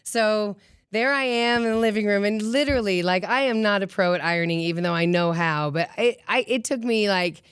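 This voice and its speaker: Chatty middle-aged woman radio host, animated and quick to laugh, smooth clear voice, dry close sound. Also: mid-range voice, no echo. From Colorado. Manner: chatty and animated, laughs often, acts out quotes. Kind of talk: casual chat.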